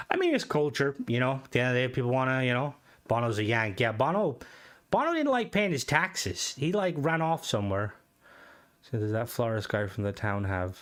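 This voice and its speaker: This medium-pitched young man from Ireland, his accent softened, streams live and chats casually. He wanders from topic to topic, curses, and says hello to viewers while reading what they comment.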